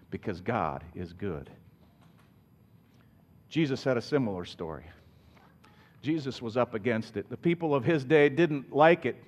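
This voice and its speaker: Male pastor preaching in church, fairly high voice that swoops up and down, plays out quotes. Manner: lively preaching with acted-out quotes and plain asides. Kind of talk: sermon. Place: church sanctuary.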